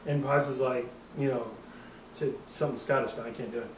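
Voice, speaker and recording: A man's voice: mid-range voice, steady tone, a little fast. Casual host, man, profane rambling storyteller; roomy distant sound with faint background hum. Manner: rambling, profane, laughing at his own story. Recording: roomy, off-mic with faint ambience.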